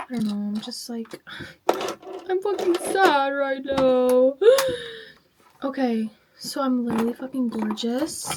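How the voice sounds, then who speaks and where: A high-pitched woman talks casually to her camera while putting on makeup, reading online stories aloud. She is a bit tipsy, swears freely and reacts emotionally between the stories. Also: heavy background noise. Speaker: vlogger.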